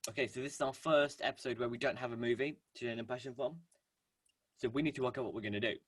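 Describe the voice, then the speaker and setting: A man's voice: mid-range voice, fairly even intonation, rapid-fire. A young man co-hosting a casual podcast, rambling with lots of fillers. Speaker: podcast co-host. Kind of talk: casual chat.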